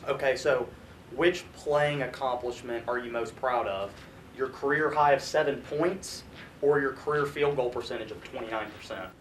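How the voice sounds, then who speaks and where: A man's voice: medium pitch, normal speed, distant mic. A man co-hosting a sports chat show, ribbing the host with playful questions. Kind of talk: teasing casual chat. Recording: roomy echo with faint noise.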